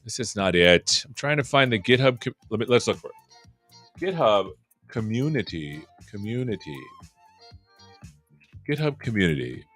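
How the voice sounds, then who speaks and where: A man's voice: on the low side, sing-song, normal speed, pauses often, a bit bright, soft background music. A man hosting a tech show, chatting loosely and joking with many fillers. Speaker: show host. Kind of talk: casual live-stream chat.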